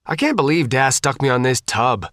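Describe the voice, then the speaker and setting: A man's voice: mid-range voice, lively intonation, moderate pace, a bit bright, dry recording, studio quality, pitched above the performer's own voice, close to an everyday voice. A man doing a snappy sarcastic teen girl. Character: sulky, sarcastic teenage girl, the younger sister.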